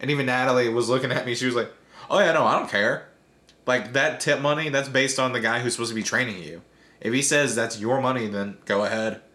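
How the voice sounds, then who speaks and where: A man's voice: mid-range voice, a little fast. Young guy telling bar stories, acts out the voices, roomy echo. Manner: animated storyteller, acts out quoted voices. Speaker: bartender. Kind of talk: casual chat.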